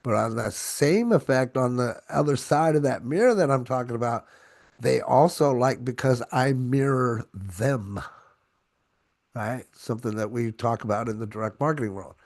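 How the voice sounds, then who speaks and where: A man giving an online sales training to his own camera, talking in an energetic, conversational way and often checking in with "right?". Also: mid-range voice, moderate pace, vocal fry.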